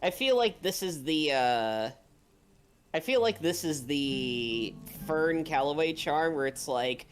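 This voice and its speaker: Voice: mid-range voice, expressive, slow. A player in a tabletop role-playing game, talking casually, laughing and swearing as they play their character.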